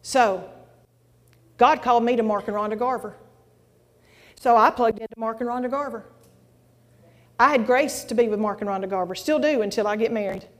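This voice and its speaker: Lady preacher telling her testimony, folksy and lively, higher voice, echoey church. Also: normal speed, long pauses. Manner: animated, folksy, exclamations and asides. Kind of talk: testimony sermon to a congregation. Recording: long hall reverb.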